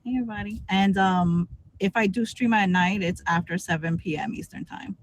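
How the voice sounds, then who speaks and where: A woman's voice: medium pitch, a little fast. A woman in her late thirties, a guest on a livestream, talking candidly and a little self-consciously about her life. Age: 30s. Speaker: guest streamer. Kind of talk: casual interview chat.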